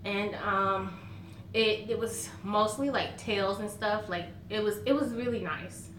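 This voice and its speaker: Bright-voiced Southern woman, chatty. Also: mid-range voice, steady tone, measured pace, slight background noise. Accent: Southern American. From Southern United States. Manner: chatty and folksy, laughs often while telling stories. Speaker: vlogger. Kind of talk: casual chat to camera. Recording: roomy echo.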